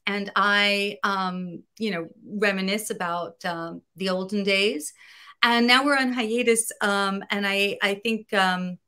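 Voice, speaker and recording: A woman comic book writer, a guest in a casual interview, talking in an animated way, laughing often and searching for her words. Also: mid-range voice, slow, smooth.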